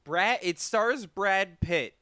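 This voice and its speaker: A man co-hosting a podcast in casual chat, animated and laughing often. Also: high-pitched, takes it slowly, no echo, clean studio sound. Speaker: podcast co-host.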